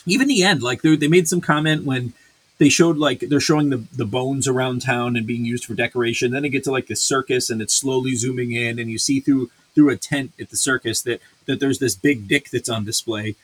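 A man's voice: medium pitch, fairly quick, husky. A man hosting a casual review chat, swearing freely and ranting with many fillers and restarts. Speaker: podcast host reviewing a series.

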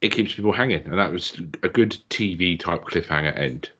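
A man's voice: sits low, a little fast, a bit bright, slightly rough. An easygoing man co-hosting a podcast, chatting casually about a wrestling show and laughing often. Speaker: podcast co-host. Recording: dull lo-fi mic.

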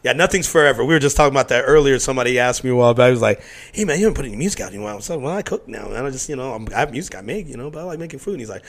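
Fast-talking gravelly man telling stories. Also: medium pitch. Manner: animated storyteller who acts out quotes, swears freely. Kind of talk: casual conversation.

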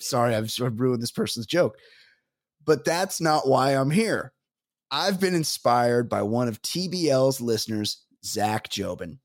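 A man's voice: medium pitch, lively intonation, measured pace, dry recording, studio quality. A man co-hosting a comedy podcast, reading listener mail and rambling while laughing at his own jokes. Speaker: podcast co-host.

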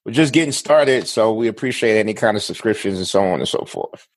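A man's voice: on the low side, expressive, brisk, no room sound. A man co-hosting a podcast, talking bluntly and casually with frequent swearing. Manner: blunt, swears freely, laughs often. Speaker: podcast co-host.

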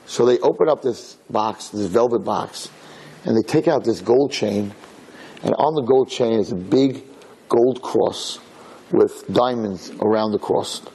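A man telling a religious story in a dramatic, animated way, acting out the characters. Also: lowish voice, a little slow, slight background noise. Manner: lively, dramatic, acts out characters.

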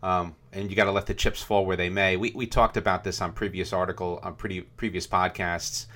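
A man's voice: low voice, little pitch movement, fairly quick, bright, forceful tone. A man co-hosting a podcast, chatting casually and reading out news headlines with frequent fillers. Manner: conversational, reads headlines aloud, frequent fillers. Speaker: podcast co-host.

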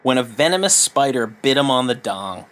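A man's voice: medium pitch, big pitch swings, normal speed, fairly bright tone. A man co-hosting a comedy podcast, telling odd news stories in a dry, casual way. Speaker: podcast co-host.

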